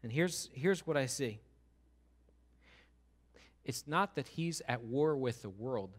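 A man's voice: mid-range voice, expressive, slow pace. Male pastor, mid-range voice, preaching with emphasis, repeats lines and asks the congregation questions. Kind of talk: sermon.

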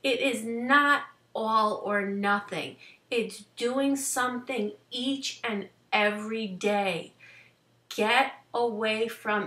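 A woman with a slightly high, bright, forceful voice hosts a wellness vlog, giving an emphatic motivational coaching talk directly to her viewers with drawn-out words. She sounds far from the mic in an echoey room.

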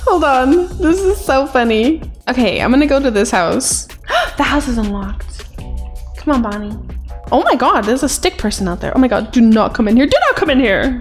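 A woman giving playful gameplay commentary in an excitable way, often gasping and giggling. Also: high-pitched, normal speed, faint music behind. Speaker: gaming video creator.

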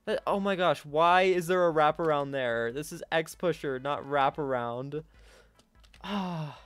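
A young man giving live gameplay commentary, swinging between yelling in frustration and quiet muttering to himself. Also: on the high side, measured pace, dry recording. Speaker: gaming YouTuber.

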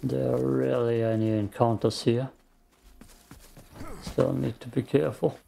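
Slow, gravelly male streamer. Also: medium pitch. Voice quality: gravelly morning voice. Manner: slow, calm, thinks out loud. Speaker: game streamer. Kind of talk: casual gameplay commentary.

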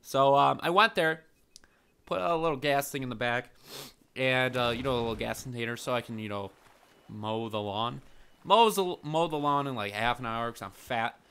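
A man's voice: medium pitch, normal speed, a bit bright, smooth. A young man rambling crudely in a casual vlog, joking and mocking himself. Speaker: YouTuber.

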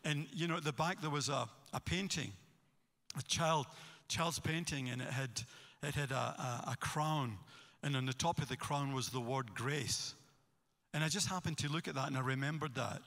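A man with a Scottish accent, a pastor preaching a sermon and telling stories with animated energy. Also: medium pitch, normal speed, gravelly. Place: church hall. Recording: long hall reverb.

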